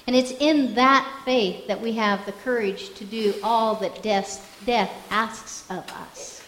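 A woman pastor delivering a sermon, pitched a little high and speaking in an earnest, reflective storytelling way. Her voice rings out in an echoey church room. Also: fairly even intonation, slow pace, a bit bright, slight background noise.

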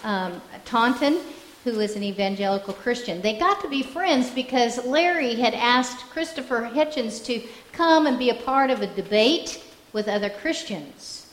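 Woman pastor preaching, kinda high voice, earnest storytelling, lots of echo. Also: lively intonation, normal speed. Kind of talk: sermon.

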